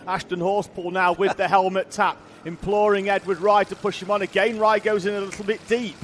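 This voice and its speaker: A man's voice: high voice, slight background noise. A man giving live race commentary, reading viewer questions and calling the action. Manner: measured, reads viewer chat, excited calls.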